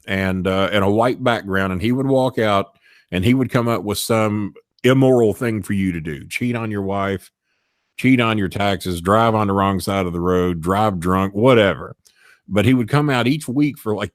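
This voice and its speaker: Recorded cleanly in a studio without echo, this man speaks in a lowish voice. As a guest storyteller, he recounts a backstage tale full of profanity in a relaxed chat. He swears frequently and performs each quoted person in changing voices.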